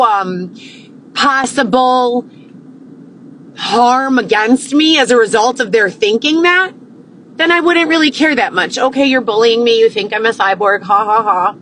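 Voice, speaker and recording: A woman's voice: a little high, a bit bright, slight background noise, poor audio. A woman on a phone livestream, ranting to viewers in an agitated way, swearing often and firing off rhetorical questions. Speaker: livestream host. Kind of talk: unscripted rant to viewers.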